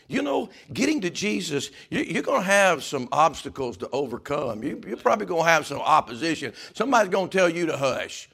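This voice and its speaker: Male pastor, high lively delivery, booming and whispering. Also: brisk, vocal fry, few pauses, husky. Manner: swings from loud shouting to hushed whispers. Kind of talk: sermon.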